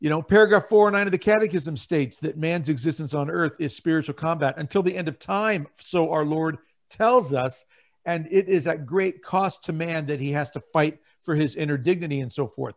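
An earnest man talking as a guest on a faith-based talk show. His voice sits a little high for a man, and his delivery turns preacherly. He often repeats a word as he gathers his thoughts. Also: fairly quick, hardly any pauses. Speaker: guest, Catholic ministry leader. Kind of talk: casual talk show discussion.

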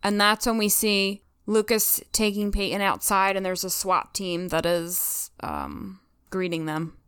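A woman's voice: medium pitch, animated, measured pace, a bit bright, clear, resonant tone, dry recording, studio quality. A woman co-hosting a casual podcast, earnestly and emotionally retelling scenes of a TV episode. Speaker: podcast co-host. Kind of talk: casual recap chat.

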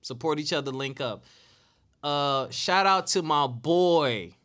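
A man's voice: a little high, slow, fairly bright tone. A man in his late thirties hosting a casual solo talk show, earnest and repeating phrases for emphasis. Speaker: podcast host.

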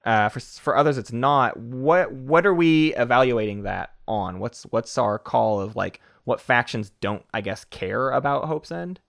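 A man co-hosting a casual board game strategy chat, talking in an animated way with frequent fillers. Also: mid-range voice, measured pace, creaky, hardly any pauses. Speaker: co-host.

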